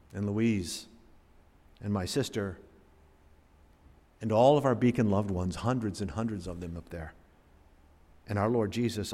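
A man preaching a sermon in earnest, dropping soft and low, then rising loud and high for emphasis. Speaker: pastor. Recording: long reverb of a large hall.

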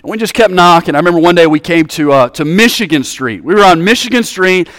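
Preaching at a quick pace with an expressive, slightly bright voice, a Southern American man from Alabama, USA, calls out to his congregation and climbs into high-pitched, fervent exhortation. The recording is dry and clean, in a studio.

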